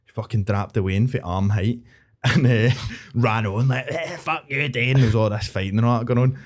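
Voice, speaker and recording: A man's voice: on the low side, steady tone, fairly quick, darkish tone. A Scottish man telling stories in casual, sweary podcast chat, often breaking into laughter.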